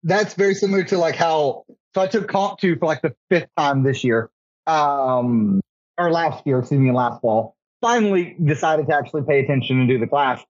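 A man's voice: on the high side, normal speed, dry recording. A young man rambling through college stories in casual podcast chat, saying "like" a lot. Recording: slightly dull podcast audio.

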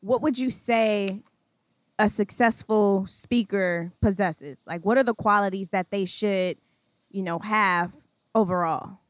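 A woman hosting a casual podcast, asking probing questions in a measured way. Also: mid-range voice, dry recording.

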